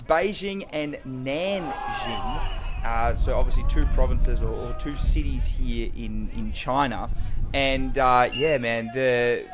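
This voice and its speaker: A young Australian man narrating his own football game footage in excitable, slang-heavy play-by-play. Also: medium pitch. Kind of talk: mic'd-up sports commentary.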